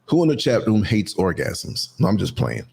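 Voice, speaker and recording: A man in a casual livestream chat, relaxed and joking, laughing often. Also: moderate pace, vocal fry, slightly rough. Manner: relaxed, laughs a lot, lively swings of pitch.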